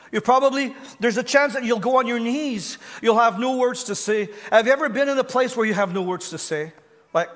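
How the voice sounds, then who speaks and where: A preaching man with a notably high voice, delivering a sermon with lively, searching questions to his congregation. His words ring out with a long reverb, as in a large hall or church. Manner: animated preaching, asks the crowd questions, repeats words. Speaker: pastor.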